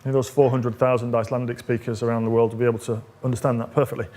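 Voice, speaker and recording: A man leads a live coding demo, talking the audience through each step. His pitch sits at an average level, and he speaks in a loose, conversational way with plenty of "uh"s as he thinks aloud. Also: flat delivery, very fast, mellow. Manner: conversational, explaining step by step with frequent fillers. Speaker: technical evangelist presenting a demo.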